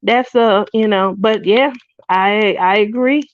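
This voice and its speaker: A middle-aged woman hosting a craft livestream, chatting casually and telling animated stories while laughing often. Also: mid-range voice, slow pace, no room sound. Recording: dull dry lo-fi stream audio.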